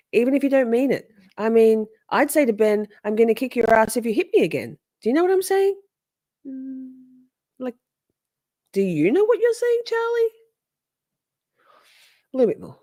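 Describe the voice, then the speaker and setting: A woman's voice: on the high side, dark tone. A woman hosting a casual trial recap, chatty and sarcastic, often acting out quotes in different voices. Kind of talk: casual livestream commentary.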